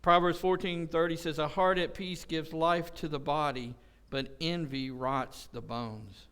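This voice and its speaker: A man's voice: on the high side, fairly even intonation, unhurried, a bit bright, clean tone. A man preaching a casual, conversational sermon at a church service, joking and telling folksy stories with acted-out quotes. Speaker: pastor.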